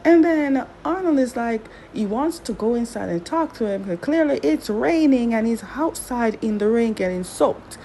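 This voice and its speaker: A woman's voice: on the high side, animated, moderate pace, hardly any pauses, dark tone, a little hiss or hum, poor audio. A woman giving a casual, chatty drama recap, talking back to the characters as she goes.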